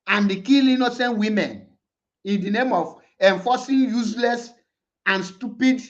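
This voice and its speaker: A man's voice: high voice, unhurried. A Nigerian-accented man giving mocking commentary, laughing and taunting, repeating words over and over. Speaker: online commentator. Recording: dull lo-fi sound.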